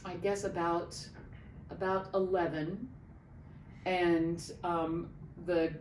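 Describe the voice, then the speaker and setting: Animated middle-aged woman in a roomy space. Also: lowish voice, slow pace. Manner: animated anecdote-telling, acting out quoted voices. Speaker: opera singer guest. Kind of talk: casual interview storytelling. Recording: roomy, distant mic, faint background noise.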